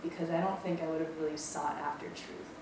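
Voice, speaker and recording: A woman's voice: sits low, fairly even intonation, a little fast. Woman, 20s, from Maui, campus ministry speaker telling her testimony. Chatty, self-deprecating, filler-heavy. Far, roomy recording with background noise. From Maui, Hawaii. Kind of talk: personal testimony talk. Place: lecture room. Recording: echoey room, distant mic, background noise.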